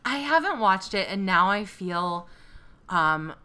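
Bright-voiced woman in a casual podcast chat. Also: mid-range voice, slow, clear, resonant tone. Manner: animated, jokey, full of asides and laughter. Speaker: podcast co-host. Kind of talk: casual chat recapping a reality show.

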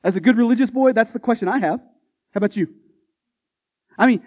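A male pastor preaches in a chatty, emphatic way and keeps firing rhetorical questions at his listeners. His voice sits high for a man. The recording sounds muffled and lo-fi. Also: expressive, normal speed, pauses often. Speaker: Baptist pastor. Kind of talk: sermon.

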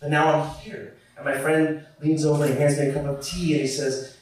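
Male storyteller on stage, high-pitched, animated and profane, captured from a distance in a very echoey hall. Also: moderate pace, few pauses. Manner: animated, swearing, laughing through the telling.

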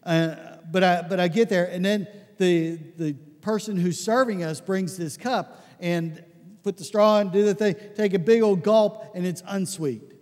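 Male pastor, conversational sermon, animated storytelling, high-pitched, long hall reverb. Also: measured pace.

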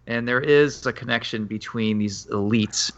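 A man in a casual podcast chat, talking about his comic in a relaxed, rambling way with fillers. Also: medium pitch, moderate pace. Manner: laid-back, rambling with fillers and laughs. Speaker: comic creator guest. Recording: dull lo-fi podcast audio.

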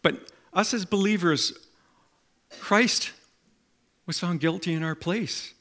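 A middle-aged man preaching a sermon, telling stories and making emphatic, animated appeals to the congregation. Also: fairly high pitch, moderate pace. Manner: animated storytelling with acted quotes and emphatic appeals.

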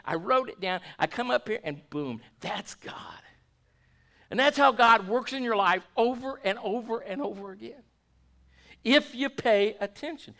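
A man's voice: high voice, sharp tone. A man preaching a sermon to his congregation in a folksy way, restarting words and asking the room questions. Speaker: pastor.

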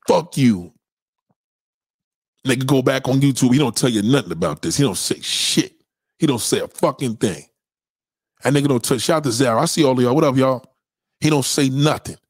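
A man hosting a livestream, telling a profane comic story in an animated way and giving shout-outs to viewers in the chat. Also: medium pitch, fairly quick, husky, no room sound, studio quality. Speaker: livestream host. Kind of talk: comedic storytelling rant on a livestream.

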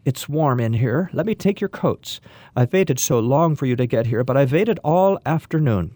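A man reading a story and voicing a frail, confused old German woman who fusses warmly over her guests. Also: rumbling low, expressive, moderate pace, no room sound. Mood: insistent. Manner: eager, doting, mishears what is said.

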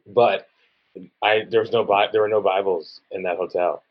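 A low male voice rambling through a casual chat, leaning on "like" and quick asides. He is a playwright and producer, and the recording has a dull, lo-fi sound. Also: fairly even intonation. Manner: rambling, lots of "like".

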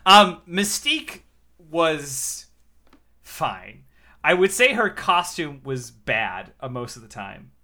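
A man co-hosting a comic book podcast in casual chat, animated and halting, with frequent restarts. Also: fairly high pitch. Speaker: podcast co-host.

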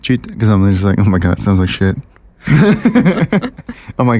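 A man with a lowish voice chats on a podcast, acting out little scenes and imitating other people's voices as he goes. He laughs often and hops between asides. The sound is dry and close, with no room echo. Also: moderate pace. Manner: animated storyteller, mimics voices and laughs often. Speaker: podcast co-host. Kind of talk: casual chat.

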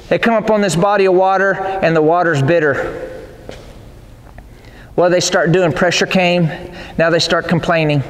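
A male pastor with a notably high voice delivers a sermon, driving home phrases again and again and calling on the congregation to repeat them. His voice rings out through a church sanctuary, with a long reverberant tail behind each line. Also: a little slow. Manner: repetitive call-and-response preaching. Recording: echoey reverberant hall.

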